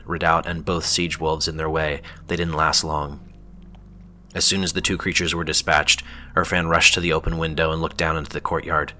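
A man narrating a fantasy story in a measured, steady storytelling manner. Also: a bass voice, a little hiss or hum.

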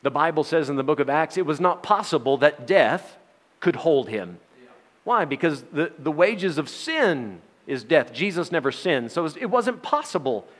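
A man's voice: on the high side, big pitch swings, moderate pace. A man preaching a sermon in a folksy, joking manner, with frequent laughs.

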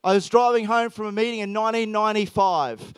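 Lively Australian preacher, high smooth voice. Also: male voice, fast, no echo. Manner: animated, emphatic, with many restarts. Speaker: pastor. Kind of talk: sermon with personal storytelling.

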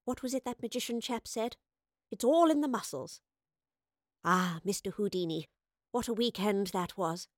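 A woman's voice: medium pitch, lively intonation, moderate pace, pauses often, no room sound, lightly acted. An eccentric, cheerful lady professor who chatters in a breezy, self-amused way, as a woman reads her. Her voice sits in a middle register and is recorded dry and close, like a storybook reading. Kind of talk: audiobook character voice.

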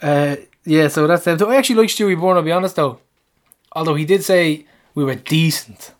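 A man's voice: a little high, brisk. An Irish man co-hosting a football podcast in casual chat, blunt and fiery, swearing freely. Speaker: podcast co-host.

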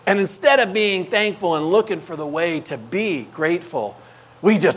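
A male pastor preaching a sermon, telling animated stories and acting out the scenes. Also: high-pitched, normal speed, a little hiss or hum.

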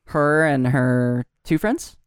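A man's voice: medium pitch, expressive, slow pace, smooth, dry recording. A man co-hosting a podcast, chatting casually and dropping dry quips. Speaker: podcast co-host. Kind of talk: casual chat.

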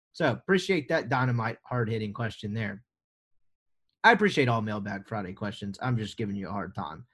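Young man, from the US, podcast host, casual joking ramble, a bit higher voice. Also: a bit bright. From United States. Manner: joking, rambling, self-deprecating.

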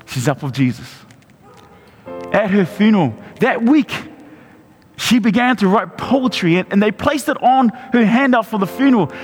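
A man, a pastor preaching a sermon and telling a personal story, often restarting and repeating his words. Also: high voice. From New Zealand. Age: 40s. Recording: long hall reverb with music behind.

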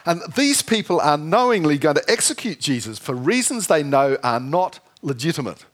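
A man preaching a sermon, lively and jokey, often asking the congregation questions. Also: a little high, moderate pace. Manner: lively, asks the audience questions, jokey asides.

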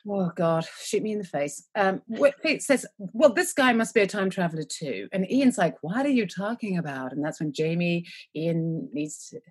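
A woman's voice: lowish voice, animated, moderate pace, a little mellow, husky. A woman co-hosting a podcast, recapping a TV episode in casual, rambling chat, joking and trailing off mid-word. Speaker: podcast co-host.

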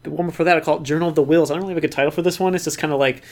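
Brief: lower-pitched woman, podcast co-host, laid-back storyteller, dry and teasing. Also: fairly even intonation, very fast, darkish tone. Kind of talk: casual chat, storytelling about film history.

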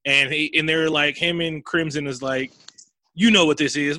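A man's voice: fairly high pitch, steady tone, moderate pace, pushed and bright, dry recording. A man hosting a casual comedy podcast, profanely recapping a movie and acting out the characters' lines.

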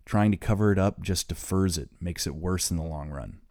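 A man's voice: deep voice, a little fast, darkish tone, dry recording. A man narrating his own audiobook in a matter-of-fact, opinionated way, close to the mic.

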